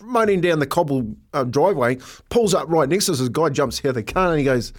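A middle-aged man with a New Zealand accent, co-hosting a podcast and telling animated anecdotes in casual chat, laughing often. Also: fairly high pitch, a little fast. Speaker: podcast co-host, former rugby league player.

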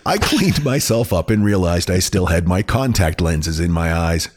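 A man with a fairly low voice reads a listener's email aloud on a podcast. His delivery swings up and down with lively inflection, and he is amused throughout, often breaking into laughter. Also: moderate pace. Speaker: podcast host.

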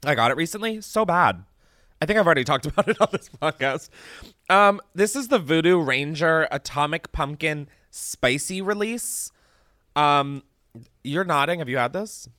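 A man hosting a podcast in casual chat, animated and chatty, swearing freely and laughing often. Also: fairly high pitch, moderate pace, no echo, clean studio sound. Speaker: podcast host. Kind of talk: casual chat, candy taste test.

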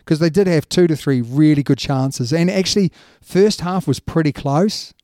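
A man's voice: on the high side, normal speed, mellow, no echo, studio quality. A man co-hosting a casual rugby chat, emphatic and chatty, often dropping in yeah and you know. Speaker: rugby podcast co-host.

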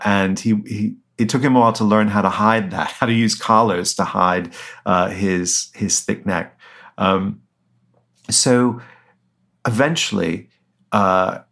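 Male author guest, somewhat low voice, halting and hesitant, restarts often. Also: fairly bright tone. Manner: hesitant, many fillers and restarts, chuckles. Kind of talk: interview answers.

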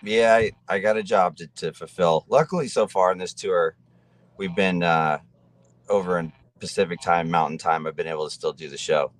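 A man's voice: deep voice, steady tone, normal speed, no echo. A man co-hosting a podcast as a rock musician, talking in an easygoing way with small hesitations. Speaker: musician co-host. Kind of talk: casual podcast chat.

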